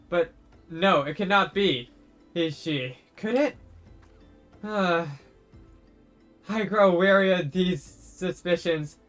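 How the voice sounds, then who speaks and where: A man's voice: high voice, a bit bright. A man reading out a troubled adult knight in a fantasy game, using archaic formal speech.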